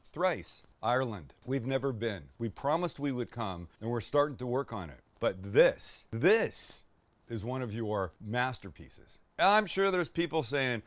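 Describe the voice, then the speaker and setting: A man hosting a casual cooking demonstration, excitable and chatty, swearing when delighted and talking straight to the viewer. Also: medium pitch, normal speed, no room sound. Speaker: cooking show host.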